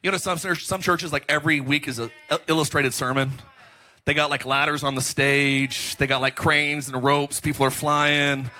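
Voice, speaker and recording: High-voiced animated male pastor. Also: moderate pace. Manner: animated, joking storytelling with laughs. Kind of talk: sermon.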